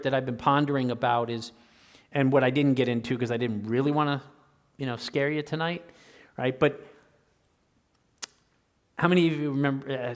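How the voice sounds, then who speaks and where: A man's voice: medium pitch, fairly bright tone. An older man answering questions in a lecture, talking conversationally and often tagging "right?" onto his sentences. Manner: conversational, keeps asking "right?". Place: lecture hall. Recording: reverberant lecture hall.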